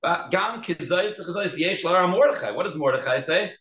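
A man teaching a casual Torah class, animated and acting out the quotes and dialogue he discusses. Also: high voice, a little fast. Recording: echoey room.

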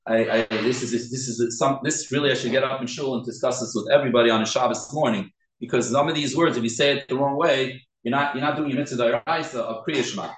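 A man's voice: mid-range voice, fast talker, few pauses, fairly bright tone, a little hiss or hum. Guy giving a torah class in an echoey room, earnest, keeps repeating himself. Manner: earnest, repeats and restarts words, stresses pronunciation.

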